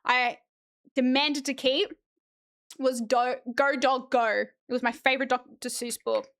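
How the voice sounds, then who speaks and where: A young woman chats on her stream, her voice pitched high. She reads a picture book aloud in a playful, jokey way and drops swear words for laughs. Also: steady tone, measured pace, a bit bright. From Australia. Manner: chatty, playful, swears while reading. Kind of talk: casual chat, reading a kids' book aloud.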